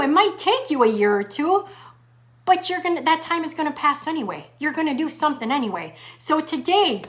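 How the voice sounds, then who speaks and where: A middle-aged woman hosting a live motivational talk as a fitness coach, reading viewer comments and repeating key lines slowly for emphasis. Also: high voice, sing-song, a bit bright. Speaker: fitness coach and show host.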